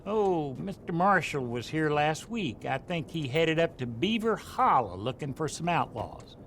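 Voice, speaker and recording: Sarcastic game deputy, slow drawl, bouncy raised pitch, evasive, faint rumble behind. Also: male voice, big pitch swings, a bit bright, heavily acted. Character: lazy sarcastic male deputy in a western town. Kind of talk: video game dialogue.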